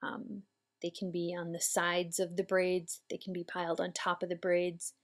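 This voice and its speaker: A woman calmly explaining hair braiding steps as an instructor, patient and methodical. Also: lowish voice, normal speed. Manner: calm, patient, step-by-step explaining. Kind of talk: instructional demonstration.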